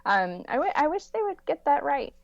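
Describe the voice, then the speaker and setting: A woman's voice: high-pitched, sing-song, normal speed, creaky, dry recording. A woman guesting on a podcast, chatting animatedly with frequent laughs and hedging fillers. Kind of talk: casual chat. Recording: slightly dull lo-fi audio.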